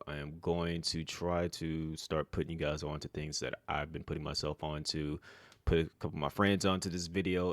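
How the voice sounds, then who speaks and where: A man talking casually to camera as a vlogger, in a flat, monotone, rambling way. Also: rumbling low, no room sound. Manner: self-described monotone, relaxed and rambling with fillers.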